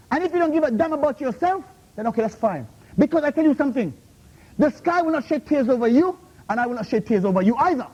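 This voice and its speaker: Man, very high voice, rapid-fire scolding rebuttal at a university talk; muffled recording. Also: darkish tone. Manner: confrontational, repeatedly demands "Huh? How?"; scolding, drops Arabic terms into English. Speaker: invited Islamic speaker. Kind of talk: heated Q&A rebuttal. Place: university lecture room.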